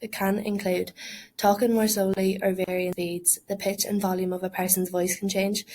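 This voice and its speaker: Woman presenting in an even tone. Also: medium pitch, rough recording. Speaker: student presenter. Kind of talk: scripted class presentation.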